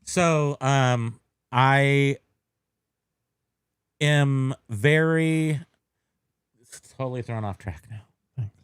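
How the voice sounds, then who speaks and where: A man's voice: mid-range voice, drawn-out words, pauses often, clear, resonant tone, no room sound, studio quality. A man co-hosting a casual podcast, rambling and correcting himself as he jokes along. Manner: rambling, self-correcting, joking. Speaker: podcast co-host. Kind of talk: casual chat.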